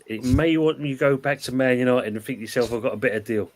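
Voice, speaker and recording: A man's voice: medium pitch, fast. Chatty man hosting a stream. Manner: chatty, reads out viewer comments. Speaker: host. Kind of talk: casual live-stream football chat.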